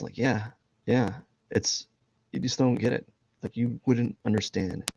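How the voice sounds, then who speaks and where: A man's voice: mid-range voice, steady tone, a little slow, vocal fry, a little mellow, dry recording. A man chatting casually on a live drawing stream, rambling and jokey, laughing at himself. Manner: rambling, jokey, self-deprecating, laughs a lot. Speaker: streaming artist. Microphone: headphones and desk mic.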